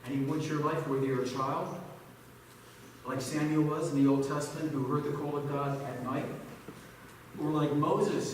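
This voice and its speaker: Pastor preaching in an echoey church. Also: male voice, a little high, fairly even intonation, moderate pace, a little hiss or hum. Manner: storytelling, rising to emphatic pleas. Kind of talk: sermon. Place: church sanctuary. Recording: echoey church hall from far off.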